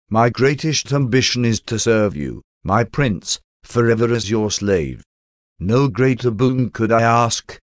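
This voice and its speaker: A man's voice: medium pitch, no echo, clean studio sound, close to an everyday voice. A man voicing a devoted young woman, a former slave, in an audiobook, reading her lines earnestly and steadily.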